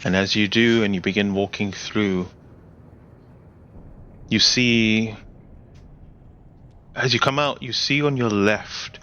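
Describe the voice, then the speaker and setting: Bright-voiced man running a tabletop game. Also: lowish voice, dull audio, a little hiss or hum. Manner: rambling, hesitant description with many fillers. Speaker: game master.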